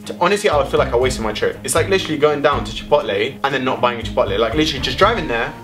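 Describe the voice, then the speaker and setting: A man's voice: mid-range voice, expressive, rapid-fire, music in the background. A young man, ranting animatedly to camera in a casual vlog, full of swearing and exaggeration. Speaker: vlogger.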